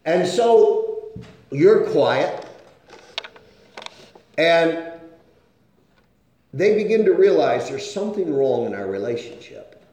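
A man preaches with a lively, rising and falling voice, earnest and searching. His tone is mellow and soft at the edges. The sound rings out through a very echoey room. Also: on the high side. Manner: earnest, keeps asking "okay?" to check on listeners. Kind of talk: sermon.

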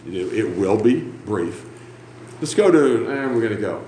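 A man's voice: on the low side, expressive, normal speed, echoey room, a little hiss or hum. Rowdy preacher in his fifties. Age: 50s. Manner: loud, rowdy and self-mocking, with sudden shouts. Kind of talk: sermon. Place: church sanctuary.

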